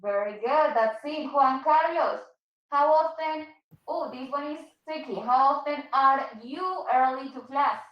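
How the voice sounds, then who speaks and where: High-voiced woman teaching English in an echoey room. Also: a little slow, distant mic, highs cut off. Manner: patient, switches to Spanish to explain. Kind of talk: online English class.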